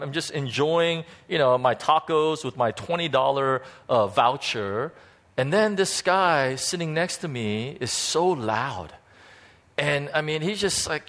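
A man preaching in a relaxed storytelling way, full of fillers and restarts. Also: fairly high pitch. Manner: conversational, halting, many fillers and restarts. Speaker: pastor. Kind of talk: sermon storytelling.

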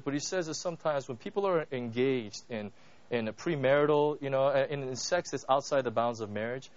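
A man's voice: fairly high pitch, highs cut off. A man preaching a casual, rambling sermon, repeating words and leaning on fillers as he talks. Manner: rambling, repetitive, full of fillers. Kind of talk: conversational sermon.

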